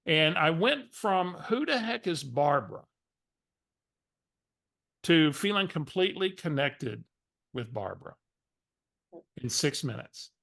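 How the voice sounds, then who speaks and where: Animated gravelly coaching man. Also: a little high, slow pace, long pauses. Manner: animated storyteller, acts out phone calls. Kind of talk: coaching talk with a story.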